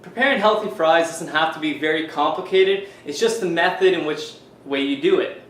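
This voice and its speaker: Speaking at a moderate pace in a higher, fairly bright voice, a fitness coach from Canada walks through a recipe on camera in his home kitchen. He's chatty and loose, full of fillers like "you know," and the low-quality recording is roomy with a little hiss or hum.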